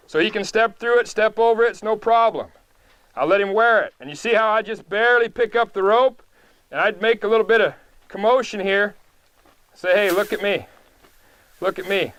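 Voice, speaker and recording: A man with a fairly high voice walks through a horse-training demo outdoors. He talks calmly and patiently, explaining each small step in a plain, unhurried way. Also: smooth, dry recording. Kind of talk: live training demonstration.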